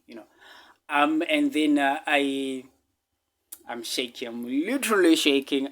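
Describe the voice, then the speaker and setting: A man with a South African accent telling a personal story casually, repeating himself emphatically and dropping to hushed asides. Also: on the high side, animated, a little slow.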